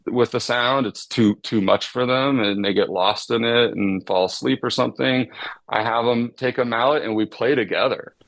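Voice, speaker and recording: A middle-aged man, a psychotherapist guest explaining ideas with everyday examples in a relaxed podcast chat. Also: medium pitch, moderate pace, no echo.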